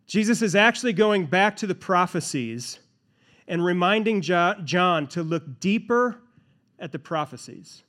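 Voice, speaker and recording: A man's voice: high voice, a bit bright. A man preaching a sermon, asking rhetorical questions and repeating key phrases for emphasis. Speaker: pastor.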